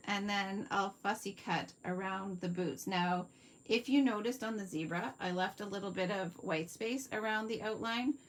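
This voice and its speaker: A woman's voice: medium pitch, normal speed. A Canadian woman hosting a live craft tutorial, chatting viewers through each step at her workspace and answering their comments. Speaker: card-making demonstrator.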